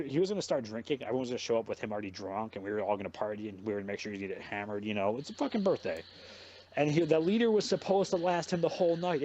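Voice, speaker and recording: The recording is muffled, carrying a young man's medium-pitched voice as he hosts a podcast. He rambles animatedly through a long story in casual talk, cursing constantly.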